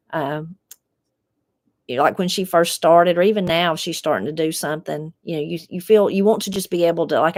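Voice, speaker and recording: A woman with an Appalachian accent, reading viewer comments in a low voice and talking them over in an easy, folksy way. The sound is dry and close, with no room echo. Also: vocal fry. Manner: unhurried, folksy, reflective. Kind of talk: casual chat.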